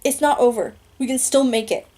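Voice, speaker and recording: A woman's voice: sits high, steady tone, brisk, mellow, voice pushed up, lightly acted. A woman reading the lines of a teenage boy hero, earnest and pleading. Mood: grieving.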